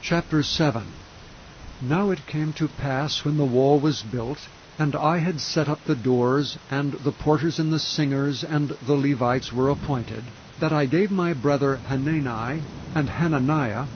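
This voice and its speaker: A man reading scripture aloud in a slow, even, measured way, calm enough for sleep. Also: fairly high pitch, muffled recording, slight background noise. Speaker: scripture reader. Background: faint rain sound.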